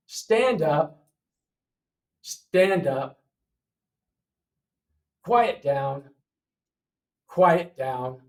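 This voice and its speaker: A man leads an English lesson and works through words one at a time, repeating each for his learners. His voice sits fairly high for a man, and he keeps checking in with a quick "okay?". He sounds a step away from the microphone. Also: recorded from a distance. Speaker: English teacher. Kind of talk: classroom lesson walkthrough.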